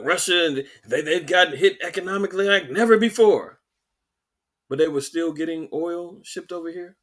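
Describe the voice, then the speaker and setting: A man hosting a podcast, delivering animated, sarcastic political commentary with mocking asides. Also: fairly high pitch. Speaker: podcast host.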